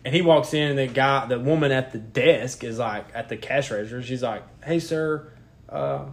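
A man's voice: medium pitch, fairly even intonation, fairly quick. A man co-hosting a podcast in casual, profane chat, rambling through stories and often checking that the listener follows. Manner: profane, keeps asking "you know what I mean"; rambling storyteller. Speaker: podcast co-host.

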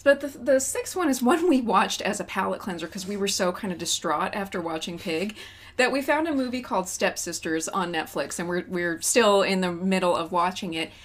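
A woman co-hosting a casual chat about movies, chatty and quick to laugh. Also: mid-range voice, expressive. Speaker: podcast co-host.

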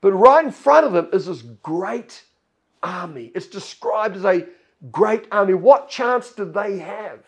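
A man. He retells a Bible story as a lively narrator and voices its characters along the way. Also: high-pitched, a little slow, slightly rough. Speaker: pastor. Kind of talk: sermon.

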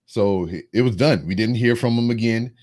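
A man's voice: medium pitch, moderate pace, darkish tone. A man in his thirties, a podcast co-host, telling a long, profane story in casual chat.

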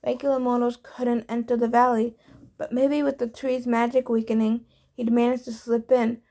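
A woman's voice: fairly high pitch, flat delivery, normal speed, warm tone. A woman reading a novel aloud in the first person, plainly and with small stumbles. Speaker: reader. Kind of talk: audiobook narration of a novel.

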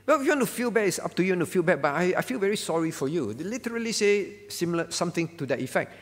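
A man's voice: high voice, lively intonation, quick pace, hardly any pauses, big-room sound. A male pastor giving a conversational sermon at a prayer meeting, often checking in with the congregation by asking "all right?". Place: church hall.

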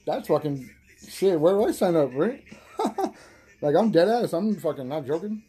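A young man hosting a casual stoner podcast, high, rambling and profane, laughing often. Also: big pitch swings, moderate pace, mellow, breathy edge. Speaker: podcast host.

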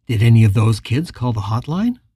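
An audiobook narrator voicing a grieving man who talks in halting, strained phrases while trying to sound strong. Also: mid-range voice, big pitch swings, warm tone, breathy edge, no room sound, clean studio sound, pitched below the performer's own voice. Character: grieving man putting on a brave face.

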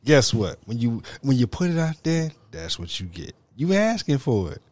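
A man's voice: mid-range voice, sing-song, moderate pace, darkish tone. A man hosting a podcast in a studio, reacting with profane disbelief and mocking what others say. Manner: incredulous, profane reactions, mocking put-on quotes. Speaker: podcast host. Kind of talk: crude casual banter. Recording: dry studio.

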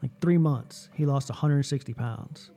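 A man hosting a casual chat, telling a story with lively energy and lots of "like" and "you know". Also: medium pitch, unhurried, gravelly. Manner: animated storytelling, heavy use of "like".

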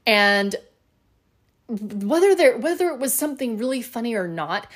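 A woman's voice: on the high side, animated, normal speed. A middle-aged woman hosting a solo podcast, talking in a chatty, upbeat way with plenty of fillers. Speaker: podcast host.

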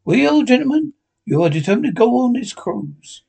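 A man voicing an excitable, talkative gentleman squire in a classic novel read aloud, eager and a bit blustering. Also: extremely high pitch, moderate pace, gravelly, breathy edge, pitched above the performer's own voice, exaggerated voice.

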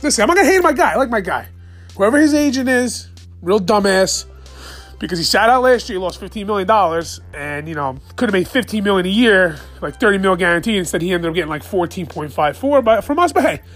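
A man hosting a solo sports fan podcast late at night, excited, profane and rambling as he rants. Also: high-pitched, a little fast, soft background music. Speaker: podcast host.

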